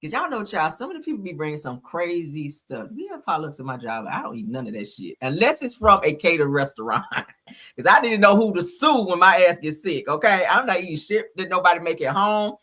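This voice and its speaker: A woman hosting casual reaction commentary, chatty, laughing loudly and swearing freely as she talks to her viewers. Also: on the low side, big pitch swings, fairly quick. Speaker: YouTube commentary host.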